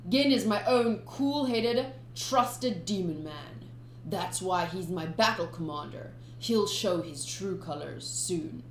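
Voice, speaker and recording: A woman voicing a boastful, arrogant male pirate admiral in a slow, gloating manner during a manga readthrough. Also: lowish voice, animated, reverberant, slight background noise.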